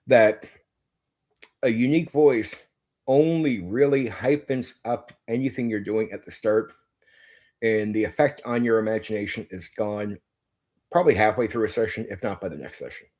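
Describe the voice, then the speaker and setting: A man's voice: medium pitch, moderate pace, a little mellow. A middle-aged man hosting his channel, giving a blunt, emphatic monologue with some swearing. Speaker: channel host. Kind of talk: opinionated monologue.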